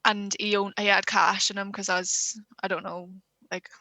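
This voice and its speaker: A woman's voice: medium pitch, little pitch movement, moderate pace, bright, forceful tone, no echo. A young Northern Irish woman co-hosting a podcast, telling stories in a blunt, sweary chat. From Northern Ireland. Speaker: podcast co-host. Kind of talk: casual chat.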